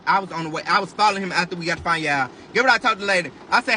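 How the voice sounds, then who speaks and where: A man telling a dramatic storytime to viewers, animated and profane, talking straight to his audience. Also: on the high side, very fast, hardly any pauses, slight background noise. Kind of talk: storytime vlog addressing viewers.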